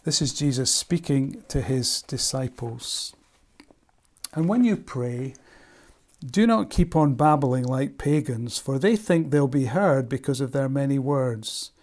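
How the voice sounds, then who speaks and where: A man, a minister, reading scripture and preaching a sermon in a measured, reflective way, posing questions to listeners. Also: on the high side, darkish tone.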